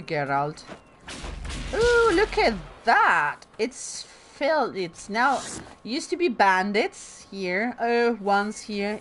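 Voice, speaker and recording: A woman's voice: medium pitch, slight background noise. A woman from Bologna with a light Italian accent, chatting casually through a game with rambling, self-deprecating asides. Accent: Italian, slight Bolognese lilt. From Bologna, Italy. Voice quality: drama-school trained diction. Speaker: let's play host. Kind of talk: casual gameplay commentary.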